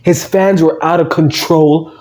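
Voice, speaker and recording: A man's voice: a little high, fairly even intonation, unhurried, darkish tone. A male YouTuber giving a ranting, mocking commentary, quoting others in whiny voices and laughing.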